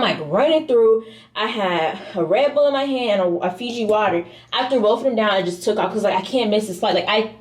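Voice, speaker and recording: A woman's voice: fairly high pitch, reverberant. A young woman vlogger telling a story casually, swearing and acting out the people in it. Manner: animated, swears, acts out the people in her story.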